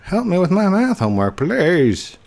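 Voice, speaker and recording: A man reading out chat messages in the voice of an eager young kid fan, squeaky and pleading. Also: huge pitch swings, moderate pace, gravelly, a little mellow, exaggerated voice.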